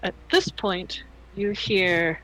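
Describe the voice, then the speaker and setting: Male game master, slow-paced, casual storyteller. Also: high voice, fairly even intonation, sharp tone, no echo, rough recording. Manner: unhurried storytelling, casual swearing. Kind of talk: narrating a tabletop game.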